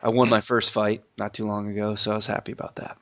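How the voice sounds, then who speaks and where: A man hosting a casual gaming podcast, a little sick and sniffly, joking in a relaxed way. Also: lowish voice, quick pace. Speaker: podcast host.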